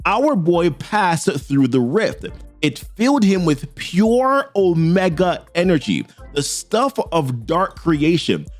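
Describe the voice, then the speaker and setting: A man reading out the lines of a calm, stern young female superhero at a slow, measured pace. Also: a little high, faint music behind.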